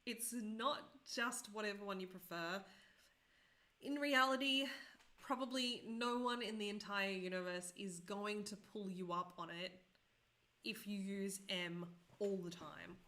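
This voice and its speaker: A woman's voice: medium pitch, unhurried, bright, forceful tone. A woman in her thirties teaching a live-streamed coding tutorial, chatty and self-deprecating, often asking viewers questions.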